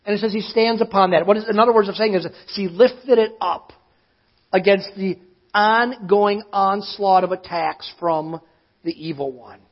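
A pastor preaching a sermon, emphatic, often slowing down to stress his words. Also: high-pitched, highs cut off.

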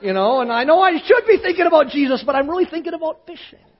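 A male pastor preaching in a conversational storytelling way, often dropping to a hushed voice. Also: extremely high pitch, lively intonation, fast talker. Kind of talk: sermon storytelling. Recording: dull lo-fi sound.

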